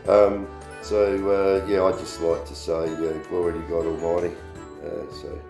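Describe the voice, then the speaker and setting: A man hosting a rambling casual talk, halting and full of ums and uhs. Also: sits low, flat delivery, gravelly, over music. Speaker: host.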